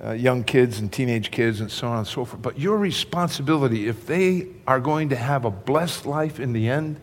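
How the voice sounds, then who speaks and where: A man's voice: medium pitch, expressive, normal speed. Older male pastor preaching in a reverberant hall. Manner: conversational, addresses congregation directly. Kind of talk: sermon.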